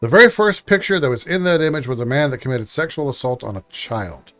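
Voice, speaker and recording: A man hosting a live-stream reaction show, talking loudly and emotionally in rapid-fire bursts. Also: medium pitch, lively intonation, soft background music. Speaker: streamer, host.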